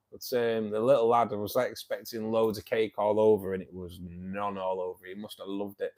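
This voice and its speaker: Chatting with viewers on his fishkeeping club livestream, a man in his fifties from Manchester keeps calling them "mate". His Mancunian voice is lowish and darkish, with little pitch movement, a moderate pace and few pauses.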